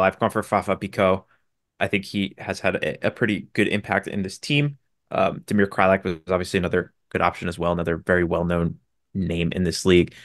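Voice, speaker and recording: A man co-hosting a sports podcast, briskly running through signings and stats with dry, sarcastic asides. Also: on the low side, fairly bright tone, dry recording. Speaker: podcast co-host. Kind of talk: casual sports podcast chat.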